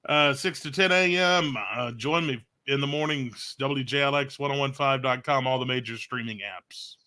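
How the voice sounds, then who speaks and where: A man's voice: medium pitch, normal speed, sharp tone, clear, resonant tone. A man co-hosting a casual talk show, reading out date facts with a joking manner. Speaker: radio morning show co-host.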